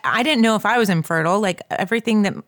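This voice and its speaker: A woman's voice: medium pitch, rapid-fire, dry recording, studio quality. A woman in her forties, co-hosting a podcast, telling a personal story in a chatty, emotional way full of fillers. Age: 40s. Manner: emotional, chatty, many likes. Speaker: podcast co-host.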